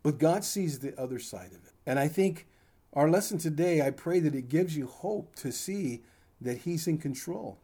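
A man's voice: a little high, expressive, moderate pace, mellow, slightly rough. An older man preaching a sermon in a conversational, folksy way, with asides to his congregation. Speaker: pastor.

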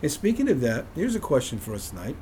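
A man's voice: medium pitch, wildly swooping pitch, fast, mellow, a little hiss or hum. A man leading an informal Bible study for a small group, conversational and self-deprecating, often chuckling.

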